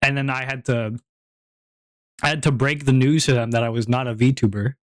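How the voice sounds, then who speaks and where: A man's voice: mid-range voice, fairly even intonation, brisk, no room sound. A young man chatting casually on a stream, rambling, repeating himself and laughing often. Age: young adult.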